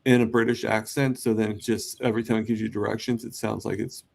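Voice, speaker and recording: A man's voice: lowish voice, little pitch movement, fast talker, creaky, darkish tone. A young man chatting casually on a live stream panel, often stumbling and repeating his words. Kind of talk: casual chat.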